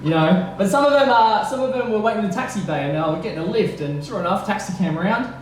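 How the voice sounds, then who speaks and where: A young man doing stand-up, his high voice hesitant and full of fillers. The mic catches a heavily echoing room with faint noise behind him. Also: animated. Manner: nervous, halting delivery with fillers and laughs. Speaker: stand-up comedian. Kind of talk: stand-up comedy set. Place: comedy venue with audience.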